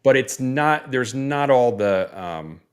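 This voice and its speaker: A man's voice: mid-range voice, lively intonation, takes it slowly, clear, resonant tone. A man from Northeast Florida co-hosting a casual sports podcast, easygoing and rambling, with plenty of fillers and restarts. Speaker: podcast co-host.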